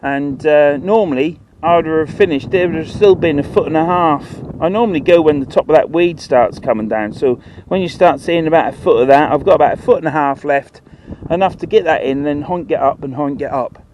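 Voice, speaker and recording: A man's voice: on the high side, brisk, few pauses, a little mellow, slight background noise. A man with a Norfolk accent, chatting casually to camera while fishing outdoors, rambling in broad dialect. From Norfolk, England. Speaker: fishing vlogger. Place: outdoors by the water.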